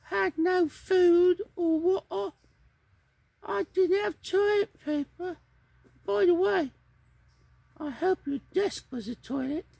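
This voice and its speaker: A man voicing a cheeky, boastful male puppet who has landed in jail, in a squeaky high voice that drawls and ends lines with "man". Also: takes it slowly, vocal fry, pauses often, warm tone, no echo, full character voice. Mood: complaining.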